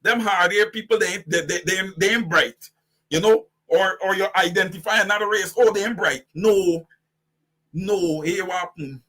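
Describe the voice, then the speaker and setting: A man's voice: high voice, normal speed, pushed and bright. A man with a Guyanese accent hosting impassioned political commentary, preaching fiery direct address to his audience. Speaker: host.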